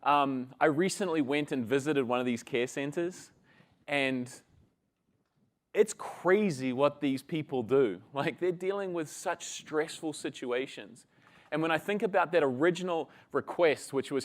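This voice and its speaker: A man's voice: a little high, measured pace. A man giving a casual conference talk, chatting with the audience and telling a story. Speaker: conference presenter.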